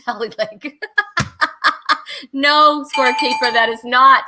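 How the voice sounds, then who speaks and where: A bubbly woman hosting a casual online talk show runs a trivia game and laughs often. Her high voice is bright and sharp, and she speaks slowly.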